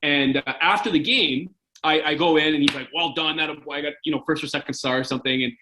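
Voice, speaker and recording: A man's voice: fairly high pitch, quick pace, noisy background. A man in his forties from Canada, a former hockey goalie telling stories in a casual interview, rambling with lots of "like" and "right?".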